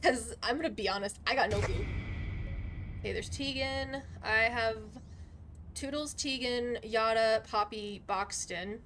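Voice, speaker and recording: Slow-talking young woman streamer who swears a lot. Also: on the high side, a little hiss or hum. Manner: swears constantly, loud outbursts. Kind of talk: casual gaming livestream chat.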